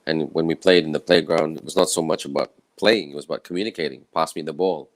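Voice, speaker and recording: A man from Malaysia, speaking in a croaky, tired voice in an earnest, conversational personal talk to camera. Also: very deep voice, fast talker, no room sound. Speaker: summit speaker. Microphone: own camera setup with a clip mic.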